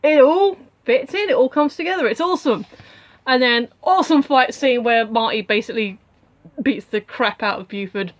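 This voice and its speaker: A woman's voice: a little high, normal speed. A young woman casually recapping a film as a reviewer, rambling with many asides.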